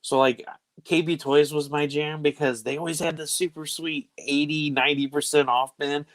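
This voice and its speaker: A man's voice: fairly high pitch, steady tone, normal speed, no room sound. A man hosting a casual chat show, rambling enthusiastically and laughing often. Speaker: show host.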